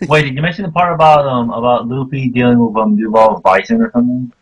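A man's voice: medium pitch, expressive, fast talker, vocal fry, breathy edge, muffled recording. A man chatting casually about an anime episode, mostly with brief remarks. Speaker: anime podcast co-host. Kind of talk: casual chat.

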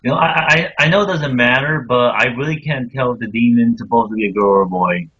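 A laid-back man chatting on a podcast, his voice husky and a little raspy. He drops dry remarks at a medium pitch, recorded through a dull, lo-fi mic. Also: fast talker, a bit bright. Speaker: podcast co-host. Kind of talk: casual chat.

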